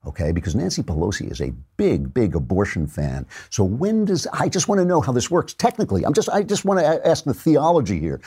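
A man's voice: mid-range voice, mellow, husky. A man hosting a political talk show, giving sarcastic, mocking commentary.

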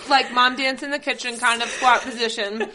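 A woman's voice: on the high side, steady tone, normal speed, sharp tone, a little hiss or hum. A woman in her twenties chatting as a guest, laughing often and restarting her sentences. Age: 20s. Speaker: guest, pro skier. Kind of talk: casual chat.

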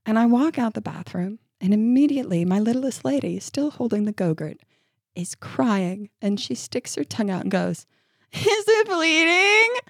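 Chatty mom telling a story, dry sound. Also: female voice, mid-range voice, normal speed, vocal fry, slightly rough, no echo. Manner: animated storyteller, laughing often. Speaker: podcast co-host and mother. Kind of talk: casual chat and read ad.

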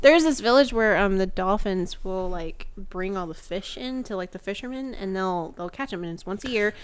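A woman's voice: mid-range voice, moderate pace, slight background noise. A woman in casual banter, telling a story animatedly with some swearing.

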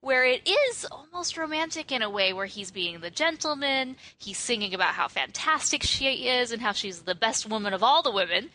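A woman talking casually as a podcast co-host, her voice a touch high and bright. She is chatty and playful, bouncing ideas back and forth. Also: animated. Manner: chatty, playful, quick to laugh. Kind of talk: casual film discussion.

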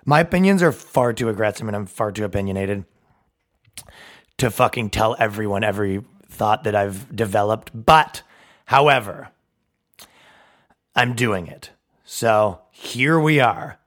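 A man's voice: fairly low pitch, measured pace, long pauses, a bit bright. A brash young man rants through a solo podcast, swearing freely and laughing at his own jokes. He acts out both sides of conversations to drive his points home. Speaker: podcast host.

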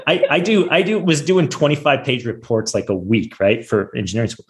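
A man's voice: mid-range voice, normal speed. A man hosting a podcast, trading laid-back, joking stories in casual interview chat. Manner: laid-back, joking, self-deprecating anecdotes. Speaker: podcast host.

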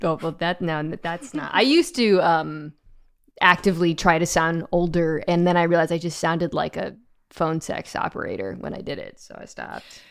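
A woman guest in casual podcast chat, talking in a flat, dry way. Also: on the low side, moderate pace, gravelly. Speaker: football analyst guest.

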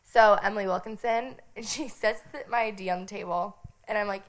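A young woman from Nebraska telling a lively story on a podcast, laughing often and filling her talk with "like". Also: mid-range voice, a little fast. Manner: animated, giggly, lots of "like" fillers. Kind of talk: casual storytelling chat.

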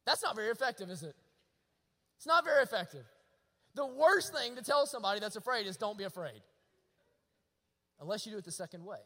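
Man, 30s, preacher, very high voice, long hall echo. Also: lively intonation, fairly quick, pauses often. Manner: dynamic, swings from loud to hushed. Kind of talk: sermon.

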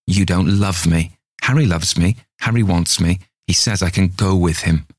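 A man voicing a small, wilful adopted girl in a spoken ghost story, lifting his voice into a childlike pitch. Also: normal speed, no room sound, clean studio sound. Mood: cold.

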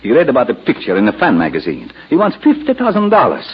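A man's voice: mid-range voice, huge pitch swings, fast talker, slightly rough, heavily acted. An actor playing an anxious, pleading male movie producer, in 1940s radio acting style. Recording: dull old radio recording.

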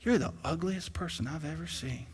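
A man's voice: mid-range voice, lively intonation, fairly quick, darkish tone, husky. Man doing a taunting rude parrot. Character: rude mocking male parrot. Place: church. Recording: long hall reverb.

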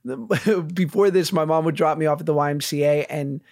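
A man in his thirties, a podcast guest with a fairly high voice, chatty and self-deprecating. His talk is full of laughter, recorded dry and close. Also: steady tone, brisk, darkish tone, no echo. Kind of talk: casual conversation.

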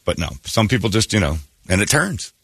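A man's voice: lowish voice, big pitch swings, brisk, creaky, fairly bright tone, husky, dry recording. A man hosting a radio morning show, ranting sarcastically in a talk radio monologue.

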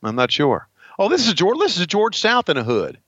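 A man's voice: sits high, wildly swooping pitch, normal speed, fairly bright tone, breathy edge, dry recording, lo-fi sound. A man in his sixties co-hosting a podcast, chatting casually and laughing over old wrestling footage. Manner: laughing, easygoing, folksy. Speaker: podcast co-host.

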